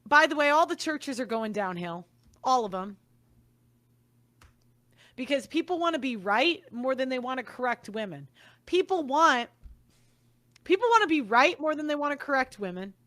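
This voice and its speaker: Young woman commentator, high bright voice, blunt and profane, angry monologue. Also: very animated, moderate pace, pauses often.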